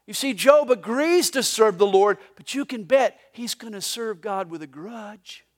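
A man with a Southern US accent delivers a live sermon in a church service. His voice sits high for a man. He swings from loud, lively declarations to quiet, hushed asides. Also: unhurried. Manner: animated preaching, voices for God and Job, rising and dropping to a hush. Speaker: pastor.

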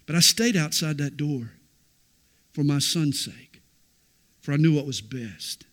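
A middle-aged pastor preaches with a voice that sits a little high for a man. He swings from ringing declarations down to near-whispered, intimate stretches of storytelling. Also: a little slow. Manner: dramatic swings from loud declaration to hushed intimacy. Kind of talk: sermon.

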